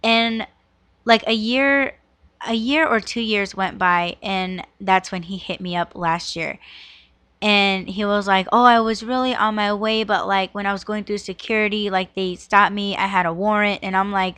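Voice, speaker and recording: A woman's voice: medium pitch, steady tone, unhurried, fairly bright tone, clean tone, dry recording. A woman in her thirties hosting a podcast, telling a personal story in a frank, casual way, peppered with "like" and "you know" and swearing. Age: 30s. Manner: heavy use of "like" and "you know", frank and profane. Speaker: podcast host.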